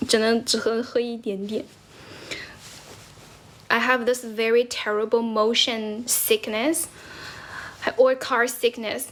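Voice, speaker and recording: A young woman from China chats casually on a livestream, switching between English and Chinese. Her voice sits a little high. She laughs often and keeps thanking viewers for their gifts. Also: flat delivery, slow, long pauses. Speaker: livestream host. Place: indoors, squatting while streaming.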